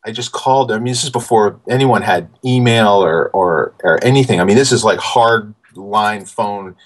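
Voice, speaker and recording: A man in his forties, a guest in a casual interview, telling animated stories with many fillers and restarts. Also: fairly low pitch, moderate pace.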